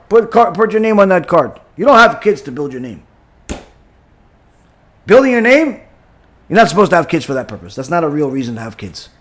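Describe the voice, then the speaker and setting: A man teaching a Torah class as a rabbi, emphatic and animated, with frequent "you know" fillers. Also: high-pitched. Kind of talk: Torah lesson.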